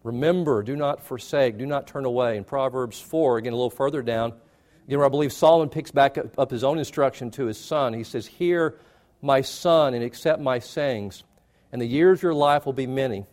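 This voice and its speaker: A male pastor preaching a sermon, emphatic and repetitive, rising in pitch to stress key phrases. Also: brisk, darkish tone.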